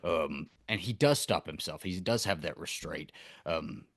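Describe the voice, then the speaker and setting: A man's voice: low-pitched, a little slow, a bit bright, no room sound, clean studio sound. A man guesting on a casual show review, thinking aloud with hesitant restarts and questions.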